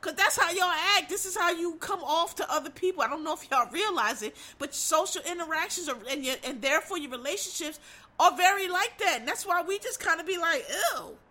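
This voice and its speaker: Bright, high-voiced woman ranting bluntly. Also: lively intonation, brisk. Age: middle-aged. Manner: blunt, profane, emphatic. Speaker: TV show commentator. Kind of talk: casual commentary rant.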